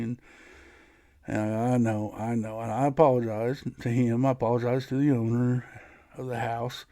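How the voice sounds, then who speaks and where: A man's voice: mid-range voice, little pitch movement, normal speed, dark tone, dry recording. A man hosting his own podcast, telling a personal story in a casual, rambling way, often restarting his sentences. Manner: rambling, frequent restarts and laughs. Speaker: podcast host.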